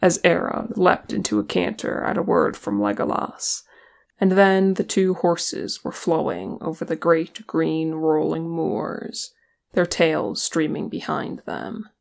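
Slow, gravelly storybook narrator. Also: mid-range voice, animated. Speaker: audiobook reader. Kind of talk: fan fiction audiobook narration.

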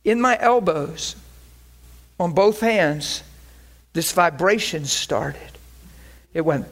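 High-voiced man preaching animatedly. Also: normal speed. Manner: animated, laughing testimony with sudden shifts between hushed and excited. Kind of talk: sermon storytelling.

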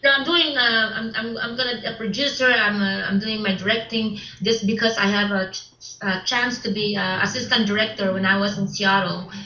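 An actress and filmmaker, not a native English speaker, is a guest in a casual interview about her film work, speaking halting English with many restarts, repeated words and frequent laughter. Her medium-pitched voice is bright and forceful with fairly even intonation. The rough recording has an echoey room and slight background noise.

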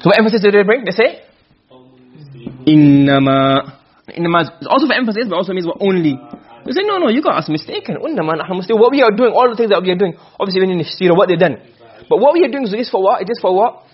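A man's voice: high voice, expressive, very fast, breathy edge. A man teaching a classroom lesson on Quranic rhetoric, asking questions and answering them himself. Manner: asks and answers his own questions. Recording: dull lo-fi recording.

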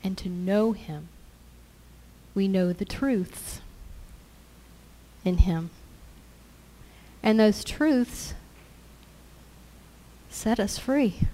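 A woman's voice: medium pitch, expressive, drawn-out words, pauses often, warm tone. A woman preaching a sermon in an earnest way, repeating scripture lines as declarations.

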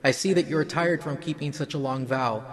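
A man voicing a playful young male cowherd god who teases and then speaks gravely, in a mostly even storyteller voice. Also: fairly high pitch, brisk, lightly acted. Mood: teasing.

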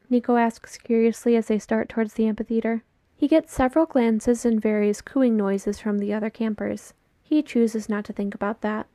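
A woman's voice: fairly high pitch, fairly even intonation, moderate pace, mellow, no echo, clean studio sound. A woman reading a story aloud as narration, telling it steadily and lightly voicing the characters. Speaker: podfic reader. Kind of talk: scripted narration.

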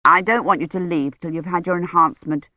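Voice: mid-range voice, steady tone, brisk, dry recording, narrow, tinny audio, natural voice. A reader voicing a tired, grey-haired woman doctor who speaks in clipped, worried phrases. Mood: weary.

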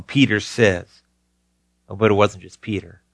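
A man preaching a sermon, earnest, repeating key phrases for emphasis and swinging from rising urgency to quiet low tones. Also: moderate pace, no room sound, studio quality. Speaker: pastor.

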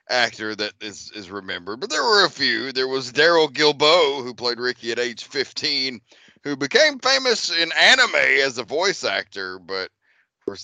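A man's voice: mid-range voice, creaky, sharp tone, no echo. A man hosting a movie podcast, running through the cast and credits in a laid-back, profane casual chat. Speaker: podcast host.

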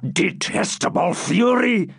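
Brief: furious injured nobleman, male reader, slow and animated, dry close sound. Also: sits high, vocal fry, slightly rough, dry recording, full character voice. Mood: raging. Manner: furious, shouting, cursing. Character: wounded, raging knightly baron. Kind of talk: audiobook character reading.

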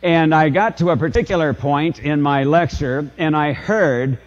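Older priest preaching in a reverberant hall. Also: male voice, on the high side, moderate pace, dull audio. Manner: storytelling, confessional, rhetorical questions to the congregation. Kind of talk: sermon.

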